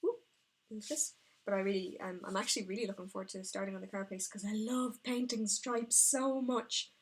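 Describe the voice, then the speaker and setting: A woman who paints miniatures and streams it, chatting casually and excitably, rambling and talking to herself as she works at her painting desk. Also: medium pitch, brisk, breathy edge. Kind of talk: casual live-stream chat while painting.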